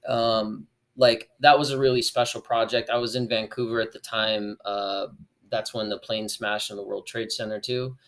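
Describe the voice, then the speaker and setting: A young man talks as a podcast guest about his acting years. His voice sits low with a gravelly, fry-laden edge. He rambles easily, with many fillers along the way. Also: little pitch movement, moderate pace. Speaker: podcast guest, former child actor. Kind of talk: casual interview chat.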